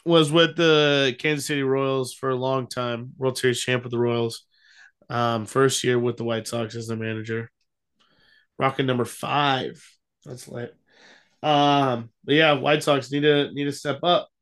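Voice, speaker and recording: A man's voice: medium pitch, steady tone, a little slow, a bit bright, clean tone. A young man co-hosting a podcast, chatting casually about baseball with easygoing ums and restarts. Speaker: podcast co-host. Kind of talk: casual sports chat.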